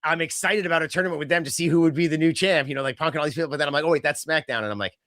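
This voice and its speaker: Rapid-fire and fairly high-pitched, this man co-hosts a podcast with casual, rambling wrestling chat packed with fillers and quoted asides. His tone is fairly bright, and the recording is clean studio sound without echo.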